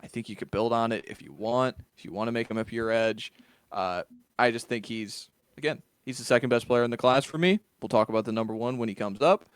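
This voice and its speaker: A man's voice: medium pitch, fairly quick, smooth, no room sound. Guy talking football on a podcast, laid-back, restarts a lot, dry close sound. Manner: loose, conversational, many restarts. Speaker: co-host. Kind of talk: casual chat.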